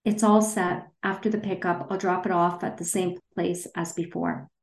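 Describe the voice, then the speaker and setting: A woman voicing a scheming, smooth-talking Italian man in a book reading. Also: high voice, steady tone, moderate pace. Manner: smooth, easygoing flair. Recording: roomy echo.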